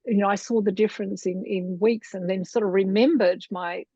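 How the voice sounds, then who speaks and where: This casual interview features a middle-aged Australian woman, a Montessori lecturer, recounting her story in a chatty, meandering way with frequent laughter. Her medium-pitched voice is mellow and husky, fairly quick, with fairly even intonation. The sound is dry, dull, lo-fi and echo-free.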